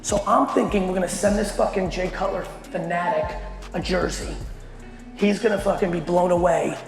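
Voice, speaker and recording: A middle-aged man telling a story in a talk to a company audience, animated and full of swearing. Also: high voice, vocal fry. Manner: profane, animated, fast storyteller. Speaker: keynote speaker. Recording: echoey hall with long reverb, faint music.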